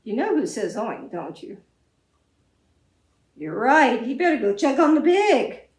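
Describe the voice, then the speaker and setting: Woman librarian for a children's storytime: high, lively, slow and expressive, echoey room.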